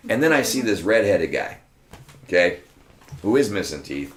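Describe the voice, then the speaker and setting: A low-voiced man spins casual stories as a podcast guest, cursing freely and acting out the people in them. His voice rings around an echoey room. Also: normal speed. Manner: profane, animated, acts out other people's lines. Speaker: podcast guest, martial arts school owner. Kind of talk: casual anecdotal storytelling. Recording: roomy echo.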